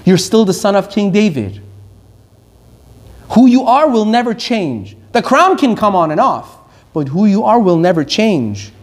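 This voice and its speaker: High-pitched middle-aged guy from iran giving a torah class, drives his point home again and again. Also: very animated, a little slow. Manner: emphatic, repeats key points, slips into anecdotes. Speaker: Torah teacher. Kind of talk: Torah lecture.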